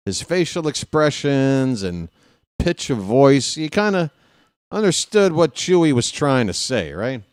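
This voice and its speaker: A man calling live baseball play-by-play in a casual way, with jokey, rambling asides between pitches. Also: smooth, dry recording, studio quality. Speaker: play-by-play announcer.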